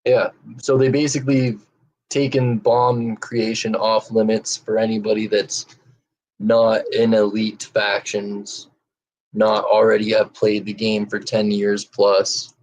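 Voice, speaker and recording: A man on a casual podcast chat, explaining things slowly and hesitantly with many fillers. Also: fairly low pitch, flat delivery, a little mellow.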